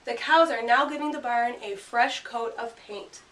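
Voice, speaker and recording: A woman teacher giving a grammar lesson and reading a picture book aloud, speaking clearly and punching out the sound words. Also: on the high side, normal speed, fairly bright tone. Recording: roomy sound from a distant mic.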